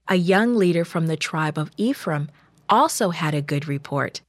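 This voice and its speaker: A woman narrating a children's Bible story in a slow, measured, gentle scripted reading. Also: lowish voice, no room sound.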